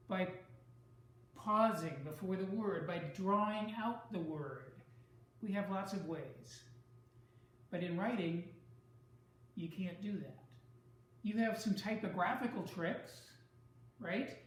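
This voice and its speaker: A man teaching a writing class, lecturing deliberately in short phrases with pauses between them. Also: sits high. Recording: very echoey classroom with faint noise.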